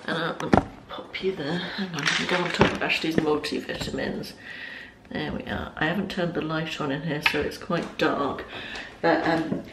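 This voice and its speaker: A woman's voice: low voice, fairly even intonation, normal speed, heavy background noise. Chatty woman in her fifties. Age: 50s. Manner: chatty, rambling, frequent ums and asides. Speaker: lifestyle vlogger. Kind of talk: casual chat to camera. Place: home, indoors.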